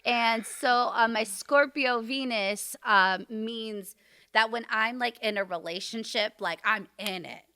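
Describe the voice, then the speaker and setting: A woman's voice: fairly high pitch, takes it slowly, sharp tone, smooth. A young woman guest on a podcast, explaining astrology in casual, slangy chat full of fillers. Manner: chatty, slangy, many fillers.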